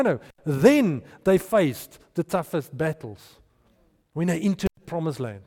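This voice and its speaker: A man preaching a sermon, animated and storytelling, with restarts and hushed asides. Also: sits high, moderate pace. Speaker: pastor. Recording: long hall reverb.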